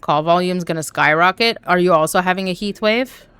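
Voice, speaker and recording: A young woman from Canada chatting casually on a live stream while gaming, talking to her chat with an animated, swearing manner. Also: fairly low pitch, brisk, smooth, dry recording. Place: home room.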